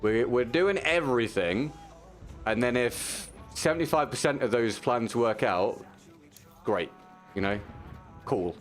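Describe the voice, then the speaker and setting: A man's voice: mid-range voice, lively intonation, unhurried, long pauses, soft background music. A man streaming a shooter game, talking to his viewers in a supportive, casual way with frequent restarts. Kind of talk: casual chat while playing.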